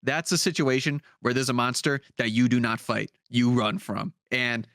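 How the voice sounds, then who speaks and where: A man's voice: medium pitch, moderate pace, fairly bright tone, no echo, studio quality. A man co-hosting a podcast, chatting casually about tabletop games, rambling with lots of fillers and swearing. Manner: rambling, profane, many fillers. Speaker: podcast co-host.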